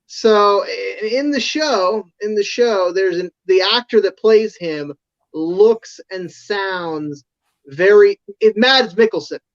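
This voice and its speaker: A man's voice: sits high, takes it slowly. Man, podcast guest, casual chat, hesitant fillers, swears, dull lo-fi audio. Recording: slightly dull, lo-fi sound.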